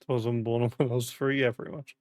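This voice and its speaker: A man's voice: medium pitch, little pitch movement, quick pace, a little mellow, no room sound. A young British man casually chatting and rambling on a live stream, swearing often, his voice cracking in the heat. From Britain. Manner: rambling, sweary, with frequent fillers.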